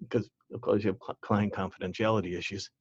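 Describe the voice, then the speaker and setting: A man with a lowish, husky voice and fairly even intonation speaks at a quick pace in a dry recording that sounds slightly dull. He's an interview guest and former youth outreach worker, earnestly and candidly recounting his outreach work, often repeating words and acting out the voices he quotes.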